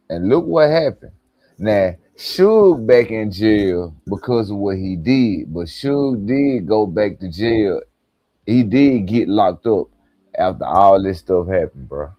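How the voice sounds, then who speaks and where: A man hosting a live reaction stream, talking to viewers in relaxed slang. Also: fairly low pitch, no echo, dull audio. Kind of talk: casual live-stream talk.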